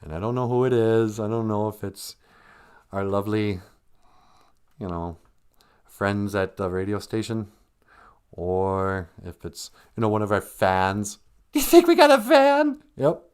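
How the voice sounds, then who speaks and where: A man's voice: on the low side, steady tone, measured pace, long pauses, a little mellow, smooth. A middle-aged man hosting a comedy live stream, rambling through jokes and language lessons with playful asides.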